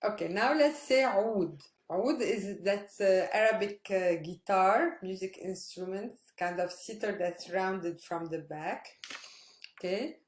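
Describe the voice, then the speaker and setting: A woman teaching Arabic pronunciation in an online lesson, patiently repeating sounds slowly for practice. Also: mid-range voice. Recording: roomy echo.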